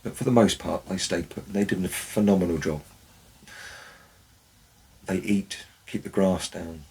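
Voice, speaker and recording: A man's voice: low voice, fairly even intonation, a little slow, vocal fry, a little mellow, husky, rough recording. A man, a former forest warden, tells wry anecdotes in a dry, storytelling way. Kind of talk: storytelling narration.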